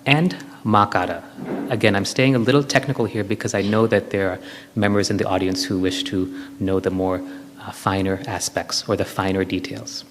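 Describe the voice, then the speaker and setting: A man's voice: on the low side, fairly even intonation, moderate pace, a little hiss or hum. Man lecturing in a reverberant hall. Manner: explains step by step with everyday examples. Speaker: spiritual speaker. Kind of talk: spiritual lecture to an audience. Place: hall with an audience.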